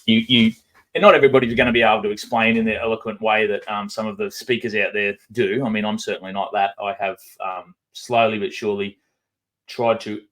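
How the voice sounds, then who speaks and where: Low-voiced Australian man with a drawl. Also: steady tone, a little fast, a bit bright. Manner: says um a lot, talks with a drawl and barely opens his mouth. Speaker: guest. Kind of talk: casual conversation.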